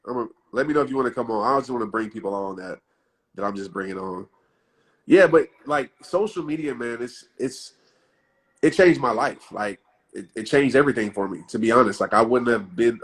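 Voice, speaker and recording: A man in his thirties talks casually into his phone on a live stream, with a slightly low voice. He keeps a loose, chatty flow, laughs easily and drops into short motivational lines now and then. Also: husky. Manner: laid-back, chatty, laughs often, reads his own quotes aloud. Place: outdoors in wind.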